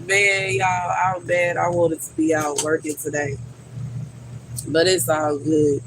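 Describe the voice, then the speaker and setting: A chatty host streaming live from outdoors by a garden, talking straight to the viewers. The delivery is unhurried and drawn out, full of gripes and easy laughs. Faint crickets and passing cars sit under the voice. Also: medium pitch, level tone, noisy background. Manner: chatty and frank, complains and laughs easily, talks straight to viewers. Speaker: livestream host. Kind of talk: casual livestream chat. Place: outdoors by a garden on a hot day.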